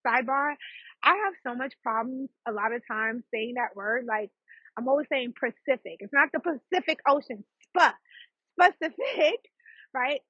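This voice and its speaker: Chatty New woman, bright and husky. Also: a little high, no echo, muffled recording. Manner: chatty, fast, laughs at herself, asides to listeners. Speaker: podcast host and psychic. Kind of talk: casual storytelling monologue.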